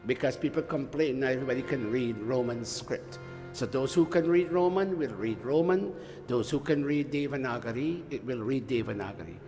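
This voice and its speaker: A man leading a temple workshop, lecturing in an animated, teasing way and having the audience repeat lines after him. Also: mid-range voice, a little fast, long reverb tail, soft background music. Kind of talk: interactive sermon-style lecture. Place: temple hall.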